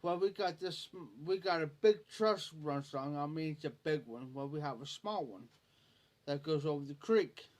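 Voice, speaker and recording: A man's voice: fairly high pitch, expressive, moderate pace. A man with a rural Ohio accent telling a folksy story on a late-night stream, laughing as he goes. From Ohio, USA. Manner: folksy, laughing as he tells a yarn. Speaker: livestreamer.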